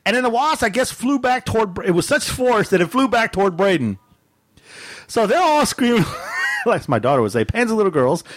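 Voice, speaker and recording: A man's voice: moderate pace, no room sound. A man co-hosting a podcast, telling a funny family story in a casual way, laughing often and acting out the screams. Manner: animated, laughs often, mimics screams in a high voice. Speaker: podcast co-host.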